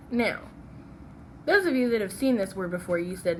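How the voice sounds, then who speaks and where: Slow, patient woman teaching phonics. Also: medium pitch, slight background noise. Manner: patient, checks in with "okay?" after each step. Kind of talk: phonics lesson with slides.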